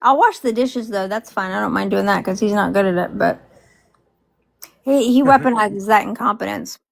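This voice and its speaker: Gravelly-voiced woman griping frankly. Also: mid-range voice, normal speed, low-quality recording. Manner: frank, teasing complaints. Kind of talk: casual chat.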